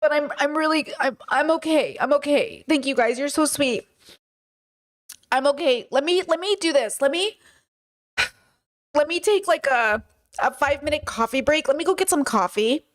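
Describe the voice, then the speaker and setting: Tired woman streamer, high voice. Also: moderate pace, pauses often. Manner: tired, confessional, shaky voice. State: exhausted and drained. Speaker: streamer talking to chat. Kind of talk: casual livestream chat.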